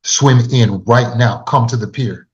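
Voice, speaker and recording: A man's voice: mid-range voice, measured pace, natural voice. A man doing an urgent, worried big brother. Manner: urgent, pleading, turning to shouting. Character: worried older brother urging a boy to swim. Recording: dull lo-fi sound.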